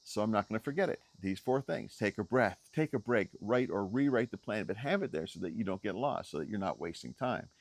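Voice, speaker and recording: A middle-aged man speaks fairly quickly and with few pauses, animated and emphatic, in an off-the-cuff motivational vlog filmed outdoors on a selfie stick. He repeats key phrases and his pitch climbs on stressed words; there's no echo.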